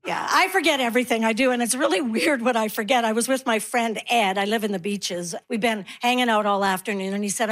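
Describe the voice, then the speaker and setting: A high-pitched woman works a stand-up set. Her delivery is wry and punchy, full of quick asides. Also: a bit bright. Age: 60s. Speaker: stand-up comedian.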